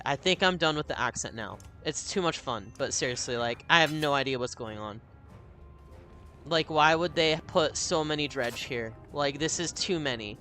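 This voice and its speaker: A man chatting and joking through live gameplay commentary, quick to laugh at his own losses. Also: on the high side, expressive, bright, forceful tone, faint music behind. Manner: chatty, joking, self-deprecating. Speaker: streamer.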